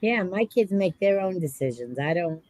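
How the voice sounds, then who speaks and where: A woman's voice: lowish voice, lively intonation, a little mellow, dry recording, rough recording. Agreeable woman in casual chat. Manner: agreeable, quick to affirm.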